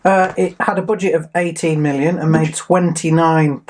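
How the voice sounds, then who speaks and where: A man co-hosts an easygoing entertainment chat. He reads film trivia with plenty of ums and small slips, in a slightly higher voice. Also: fairly even intonation, normal speed, darkish tone. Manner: chatty, reads facts with filler ums. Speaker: co-host. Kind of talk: casual chat.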